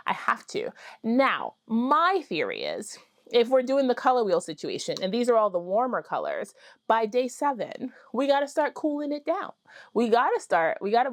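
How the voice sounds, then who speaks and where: A woman vlogging about her spinning project in a casual, excitable way, full of fillers and little squeals of delight. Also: mid-range voice, dry recording, studio quality. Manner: excitable, gushing, apologizes for screaming; chatty with many fillers. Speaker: fiber arts vlogger. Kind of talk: casual chat to camera.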